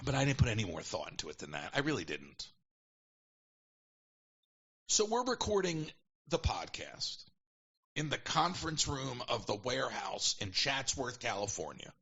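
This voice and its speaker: A man casually telling a long story as a podcast guest, animated and quick to quote people in put-on voices. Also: medium pitch, husky, dull audio. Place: at home.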